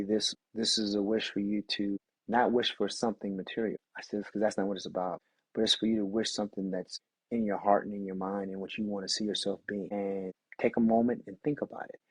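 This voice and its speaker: Earnest husky-voiced man telling stories. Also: fairly low pitch, no room sound, rough recording. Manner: earnest, storytelling, restarts often. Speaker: podcast guest. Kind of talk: candid reflective conversation.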